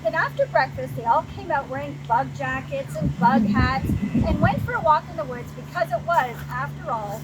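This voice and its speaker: A Canadian woman, a librarian storyteller, reading a picture book aloud outdoors with animated asides. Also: high-pitched, normal speed. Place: outdoors, windy. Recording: loud outdoor wind noise.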